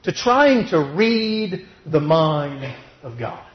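A man's voice: on the high side, extremely slow. A man preaching a sermon, firing rhetorical questions and then answering them himself. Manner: emphatic rhetorical questions, then calmer and gentle. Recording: dull lo-fi recording.

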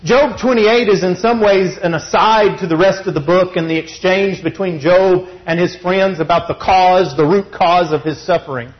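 A man preaching a sermon, expressive and teaching, often asking rhetorical questions. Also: high-pitched, moderate pace, few pauses, lo-fi sound.

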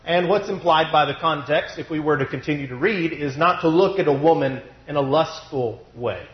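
A man preaching a sermon through a cough, slowing down to stress his points, at a pulpit mic in a church. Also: a little high. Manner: measured, deliberate delivery with slowed emphasis. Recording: roomy, dull lo-fi sound.

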